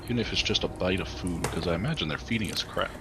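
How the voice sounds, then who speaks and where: A man's voice: low voice, fast talker, music in the background, rough recording. A man playing a tabletop game, casually describing what his character does. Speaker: player.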